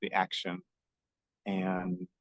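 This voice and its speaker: A man with a fairly low voice talks earnestly, explaining each thought gently and at length. He sounds like a podcast co-host in easy conversation. The recording is dry and close. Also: completely flat delivery, drawn-out words, no echo, rough recording. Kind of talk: reflective casual conversation.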